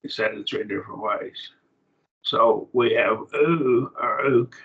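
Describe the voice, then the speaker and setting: A man teaching a Bible Greek grammar class over a video call, explaining slowly and asking his students questions. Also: medium pitch, fairly bright tone. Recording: dull lo-fi call audio.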